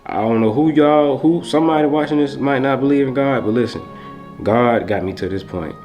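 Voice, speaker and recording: A man's voice: mid-range voice, brisk, darkish tone, dull audio, soft background music. A young man vlogging to camera in a heartfelt, rambling way, speaking. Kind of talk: casual talk to camera.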